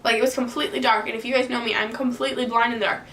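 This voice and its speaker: Animated young woman telling a story. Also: on the high side, very fast, slight background noise. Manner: animated, frequent "like" fillers. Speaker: vlogger telling a personal story. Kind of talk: casual storytime. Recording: echoey room, distant mic, faint ambience.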